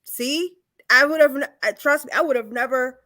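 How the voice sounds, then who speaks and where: A woman with a Spanish accent co-hosting a call-in show, her voice high and bright. She talks in halting restarts and apologizes often. The sound is dry and close. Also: dry recording. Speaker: co-host. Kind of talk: casual call-in show banter.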